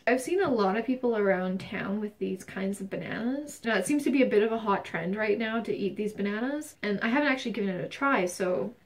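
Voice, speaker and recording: A young woman in her twenties hosting a mock haul video in a deadpan, mock-earnest way, often dropping to a mutter. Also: mid-range voice, far from the mic. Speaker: vlogger.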